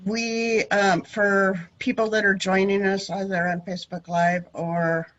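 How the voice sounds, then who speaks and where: A woman's voice: medium pitch, little pitch movement, a little slow, a bit bright, muffled recording. A woman moderating a webinar panel over a video call, talking with frequent hesitations. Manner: hesitant, many ums.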